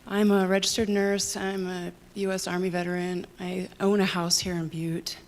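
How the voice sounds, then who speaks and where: A woman's voice: fairly low pitch, flat delivery, moderate pace. A woman, a nurse and veteran, giving public comment at a council meeting, nervous and emotional.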